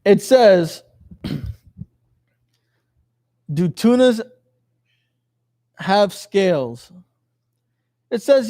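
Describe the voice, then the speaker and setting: A man's voice: sits high, warm tone. A man teaching a lesson to a class, quizzing his students in a jokey way and reading passages aloud. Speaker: religious teacher.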